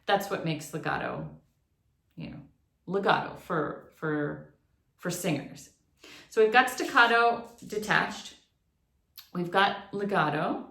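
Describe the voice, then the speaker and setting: A woman's voice: on the low side, gravelly, sharp tone. A woman teaching an online singing lesson, explaining technique and breaking into short sung demonstrations. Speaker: vocal instructor. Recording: echoey room.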